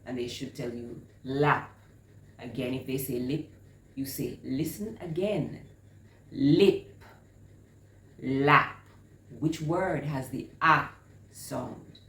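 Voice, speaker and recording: A woman teaching phonics, sounding out short vowel words slowly and with heavy emphasis. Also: extremely low pitch, fairly even intonation, a bit bright. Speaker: reading teacher. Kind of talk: instructional talk on phonics. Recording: echoey room with faint ambience.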